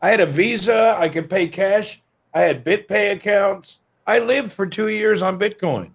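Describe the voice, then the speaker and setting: A man's voice: high voice, moderate pace, vocal fry. A man chatting casually on a live stream, grumbling while distracted. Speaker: guest.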